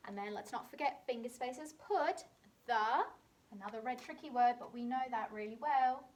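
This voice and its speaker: A woman with a British accent teaching a phonics lesson to young children, sounding out words clearly and slowly. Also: on the high side. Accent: British English. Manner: slow, clearly sounded-out words with bright emphasis. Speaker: primary school teacher.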